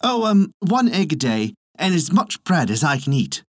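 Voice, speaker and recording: A scheming young trickster, as a storyteller puts him on, brash and eager in a raised, bright-edged voice. The tone stays husky and the sound is dry and close, from a told folktale. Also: mid-range voice, big pitch swings, normal speed, dry recording, pitched above the performer's own voice. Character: sly young male trickster servant.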